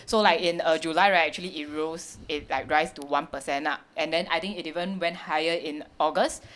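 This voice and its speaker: A woman with a Singaporean English accent talks through her points in a loose, chatty way. Her voice sits low, and she fills it with hesitations and easy laughter. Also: steady tone, fairly quick, a bit bright. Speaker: podcast co-host. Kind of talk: casual finance chat.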